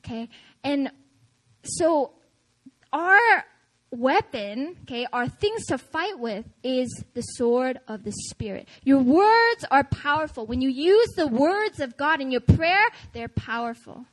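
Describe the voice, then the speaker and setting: A woman pastor giving a chatty, animated sermon, telling stories and often laughing. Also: sits high, slow, low-quality recording. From United States. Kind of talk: sermon with personal storytelling.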